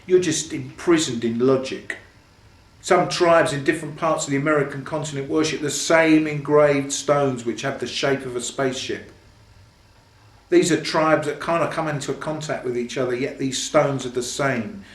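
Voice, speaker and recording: Man reading as a lecturing prison inmate, pushy, spaceman believer, a little higher, echoey room. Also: normal speed, close to an everyday voice. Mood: insistent. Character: adult male prison inmate obsessed with spacemen-as-gods theories, preachy and insistent.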